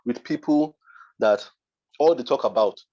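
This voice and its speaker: A man's voice: mid-range voice, unhurried, mellow. Emphatic Nigerian man, dull recording. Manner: emphatic, repeats points for force. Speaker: design mentor. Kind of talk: motivational masterclass talk.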